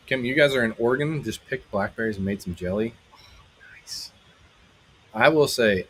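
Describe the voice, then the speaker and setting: Husky low-voiced man chatting on a live stream. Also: poor audio. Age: adult, married. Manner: rambling and halting, many fillers, brightens when greeting viewers. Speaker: musician hosting a live stream. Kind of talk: casual live-stream chat with viewers.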